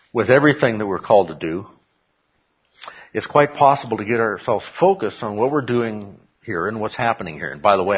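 A man's voice: fairly low pitch, husky, lo-fi sound. A man preaching a sermon in a conversational way, adding joking asides and often checking in with "okay?". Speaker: pastor.

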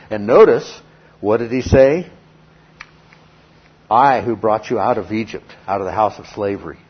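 In a dull, lo-fi recording with slight background noise, a low-voiced man preaches a verse-by-verse sermon as a Bible teacher. He's emphatic, reading scripture aloud and posing questions he then answers himself.

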